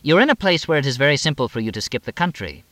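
A man's voice: medium pitch, very animated, fast talker, a bit bright, no echo, voice pushed up. A man voicing a chatty, needling woman police chief on the phone, sly and teasing.

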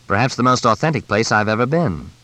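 A man's voice: medium pitch, lively intonation, quick pace, a bit bright, no echo, voice pushed up, close to an everyday voice, poor audio. A man voicing a wry young American man who answers in short, dry replies, in an audiobook.

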